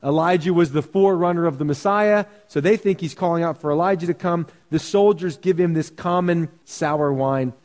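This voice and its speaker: An earnest male pastor preaches in a plain, conversational way and presses his points through repetition. His voice sits a little high for a man, with a mellow, warm tone. The long reverb of a church hall trails his words, and the recording sounds dull. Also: normal speed, few pauses. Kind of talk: sermon. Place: church sanctuary.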